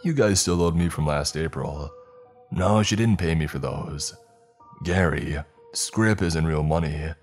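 A man plays a gruff old shopkeeper in a spoken horror story, curt and tough. The voice sits extremely low and deep, with faint music underneath. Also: unhurried. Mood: brusque. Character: gruff older male shopkeeper, brusque and tough.

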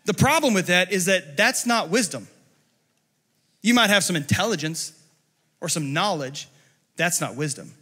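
A male pastor with a high, lively-pitched voice and a bright, forceful edge preaches in a church service. He is passionate and regularly works himself up to shouting. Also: normal speed, long pauses, husky, big-room sound. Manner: passionate, often rising to shouting. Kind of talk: sermon.

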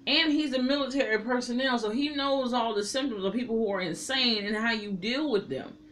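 A woman recapping a TV episode in a casual, animated way, swearing often and talking back to the characters. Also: fairly high pitch, normal speed, a little hiss or hum. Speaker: TV episode reviewer.

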